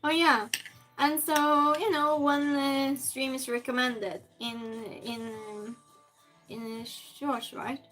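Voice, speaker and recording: A woman's voice: sits high, little pitch movement, takes it slowly, over music, rough recording. A woman chatting casually with her live-stream viewers and answering their messages as she moves things around her small space. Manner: chatty, reads and answers chat while moving things around.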